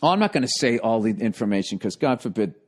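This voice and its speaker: A man's voice: fairly low pitch, very animated, quick pace. A man hosting a podcast, telling a casual anecdote full of swearing and laughing through it on a studio microphone. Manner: profane, laughing through his own anecdote. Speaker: podcast host. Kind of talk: casual storytelling.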